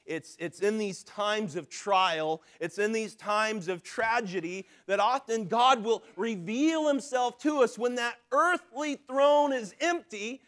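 High-voiced preacher man. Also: slow pace, few pauses. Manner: preaching with dramatic swings from loud to hushed; acts out quoted voices in his telling. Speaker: pastor. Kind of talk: sermon.

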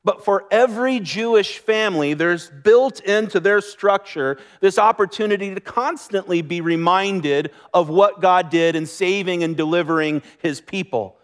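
Casual preacher guy, high voice, earnest but relaxed sermon talk. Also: moderate pace, hardly any pauses. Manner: earnest, conversational preaching with light laughs. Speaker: pastor.

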